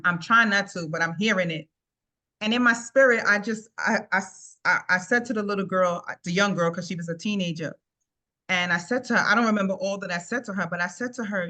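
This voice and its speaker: A woman's voice: mid-range voice, pushed and bright. A middle-aged woman telling a personal story in a casual, earnest way, often repeating "I said" as she recounts what she told a teenager. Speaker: guest sharing a personal story.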